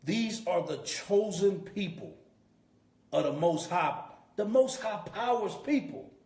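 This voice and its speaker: A man's voice: high voice, animated, slow, darkish tone. A man teaching a scripture class as a preacher, emphatic and repeating his key points. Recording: roomy echo.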